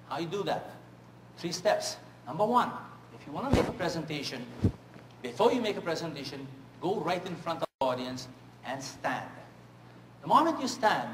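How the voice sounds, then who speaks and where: A male speaking coach addressing a room full of trainees with animated, slightly high delivery. He often asks the audience whether they follow. The sound echoes around the room with a faint ambient hum. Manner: animated, rhetorical check-ins with the audience. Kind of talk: seminar talk with storytelling.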